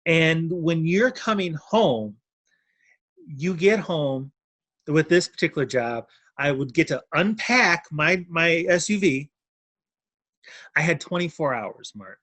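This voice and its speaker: A man's voice: fairly high pitch, lively intonation, takes it slowly, fairly bright tone, dry recording. A middle-aged man telling his story as an interview guest, earnest and heartfelt, often repeating his words. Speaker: interview guest, notary signing agent. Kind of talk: emotional personal testimony.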